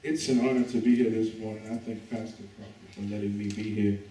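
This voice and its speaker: Male guest preacher, relaxed call-and-response delivery, recorded at a distance in a reverberant church. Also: lowish voice, quick pace, a little hiss or hum. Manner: relaxed, joking, invites the congregation to talk back. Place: church sanctuary. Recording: echoey church heard from a distance.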